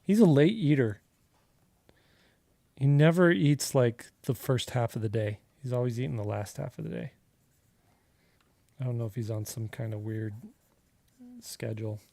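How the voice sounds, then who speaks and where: While drawing for his livestream audience, an artist tells a meandering story stuffed with fillers like "like" and "you know," pausing often. His medium-pitched voice is mellow and dark at a normal speed, recorded dry and close with no room sound at all.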